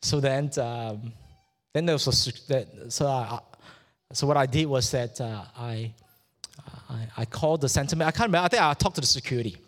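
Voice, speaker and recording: A middle-aged man from Malaysia preaching a sermon, telling a personal story and stumbling over repeated words as his fervor builds. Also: mid-range voice. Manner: halting and repetitive, rising with fervor. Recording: long hall reverb.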